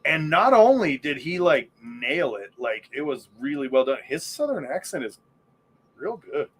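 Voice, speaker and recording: A man's voice: on the high side, sing-song, moderate pace, a bit bright, slightly rough. A man hosting a podcast in casual chat, rambling and enthusiastic, with lots of fillers. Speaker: podcast host.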